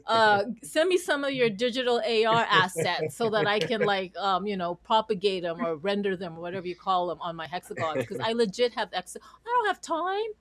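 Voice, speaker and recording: A woman's voice: medium pitch, lively intonation, brisk, hardly any pauses, a bit bright. Bubbly chatty woman host. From Canada. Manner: bubbly, giggly, rambling. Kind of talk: casual livestream chat.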